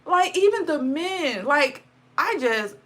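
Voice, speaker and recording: A woman's voice: sing-song, slow pace, fairly bright tone. A woman vlogger talking about spirituality with a Black dialect. She speaks bluntly, swears a lot, and keeps close to tears. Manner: mocks others in high sarcastic voice. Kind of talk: impassioned casual monologue.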